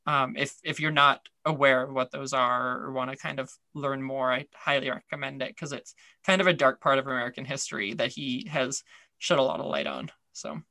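Bright-voiced man, chatty podcast host. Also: medium pitch, fairly even intonation, fairly quick, vocal fry, no echo, clean studio sound. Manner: chatty, rambling, many fillers. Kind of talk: casual chat.

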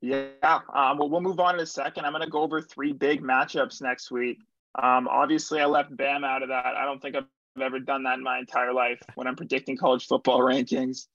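A man's voice: medium pitch, flat delivery, fairly quick, fairly bright tone, dry recording, muffled recording. Young man casually reeling off picks. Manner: confident, rattles off picks and betting lines. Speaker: podcast co-host. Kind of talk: casual sports chat.

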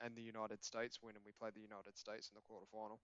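A man's voice: fairly low pitch, monotone, fast talker, a bit bright, clear, resonant tone, dry recording, lo-fi sound. A man, a podcast guest making dry, wry remarks in casual chat.

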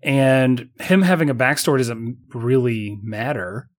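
A man's voice: mid-range voice, unhurried. A man co-hosting a podcast, rambling casually about a movie with many restarts and repeated words. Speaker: podcast co-host. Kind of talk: casual movie-review chat.

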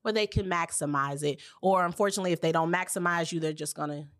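A woman's voice: lowish voice, fast talker, fairly bright tone, no room sound, studio quality. A woman hosting a casual podcast interview, enthusiastic and full of affirmations. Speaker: podcast host.

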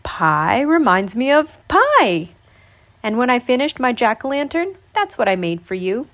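A woman's voice: fairly high pitch, big pitch swings, unhurried, a bit bright. A woman reading a storybook aloud, voicing an absent-minded, self-satisfied 900-year-old wizard. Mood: airy.

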